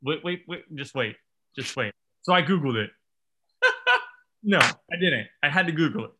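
A man's voice: a little high, lively intonation, normal speed, pushed and bright. A man telling a long self-mocking story in casual chat, acting out what others said.

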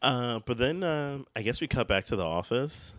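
A man's voice: medium pitch, expressive, moderate pace, fairly bright tone, no room sound, clean studio sound. A man co-hosting a podcast, chatting casually about a TV episode, often hesitating and trailing off. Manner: hesitant, trails off, fillers and restarts. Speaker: podcast co-host. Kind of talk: casual TV episode recap chat.

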